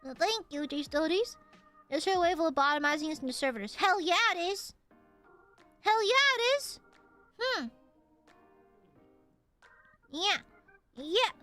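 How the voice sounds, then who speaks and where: A woman's voice: extremely high pitch, expressive, unhurried, pauses often, sharp tone, dry recording, faint music behind. A young woman streaming from home, chatting with viewers in a playful, teasing, affectionate way. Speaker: VTuber streamer. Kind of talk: casual live-stream chat with viewers.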